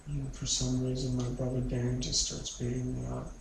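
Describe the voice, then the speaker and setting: A man's voice: medium pitch, completely flat delivery, normal speed, vocal fry. A man in a therapy session bluntly recounting a painful memory, swearing now and then and laughing bitterly, recorded from a distance in a room. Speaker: therapy client. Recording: echoey room, mic far off, faint noise.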